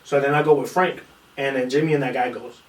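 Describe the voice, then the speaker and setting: Here a man who trains jiu-jitsu tells an extended tale on a laid-back podcast, swearing liberally and performing other people's lines. He speaks in a mid-range voice, slightly fast, and the mic sits distant in an echoey small podcast room.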